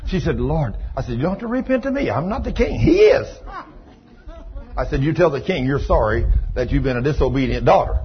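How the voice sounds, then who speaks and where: A man preaching a sermon, telling healing stories in a folksy way that moves from hushed retelling to loud praise. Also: mid-range voice, very animated, fast talker, few pauses. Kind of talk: sermon storytelling. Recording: dull lo-fi recording with faint noise.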